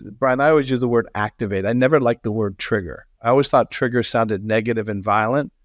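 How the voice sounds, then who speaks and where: A man's voice: medium pitch, dry recording, studio quality. A man speaking as a guest expert in a podcast interview, explaining through personal stories and laughing easily.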